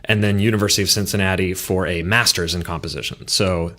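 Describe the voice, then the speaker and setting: Man, Southern California, low-pitched, casual podcast guest, self-deprecating, rambling. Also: fairly even intonation, fast talker, a bit bright. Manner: rambling and self-deprecating, with frequent fillers and laughs. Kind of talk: casual interview chat.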